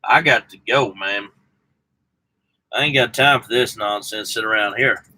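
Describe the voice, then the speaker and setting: A man's voice: lowish voice, unhurried, sharp tone, poor audio. A man with a Southern US accent, a truck driver chatting casually and rambling to his viewers by name. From Southern United States. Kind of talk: casual live chat with viewers.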